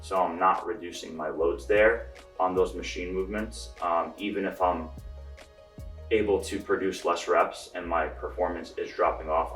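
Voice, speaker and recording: A man's voice: deep voice, distant mic. A young man giving a casual bodybuilding vlog update, explaining at ease with lots of fillers. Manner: relaxed, explanatory, with frequent fillers. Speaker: bodybuilder answering viewer questions. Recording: echoey room, voice from off the mic, faint music.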